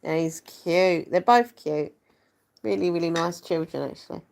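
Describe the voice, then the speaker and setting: A young woman vlogger talks casually to her camera. She rambles and pokes fun at herself, her voice sitting slightly low for a woman. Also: moderate pace, vocal fry, a little mellow. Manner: chatty, rambling, self-deprecating.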